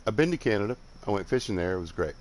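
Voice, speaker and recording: A man's voice: on the low side, lively intonation, rapid-fire, darkish tone. An older man from Alabama with a Southern accent touched by the Midwest, chatting casually and rambling while he plays a game. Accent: Southern US with some Midwestern. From Alabama, southern United States. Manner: rambling, laid-back, chuckling, drifts off while building. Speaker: game streamer. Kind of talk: casual chat while playing.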